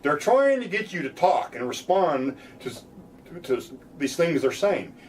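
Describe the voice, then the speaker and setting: A defense lawyer explaining rights in plain talk, now and then mimicking police officers in a loud mocking voice. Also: male voice, fairly high pitch, sing-song, measured pace, recorded from a distance, slight background noise.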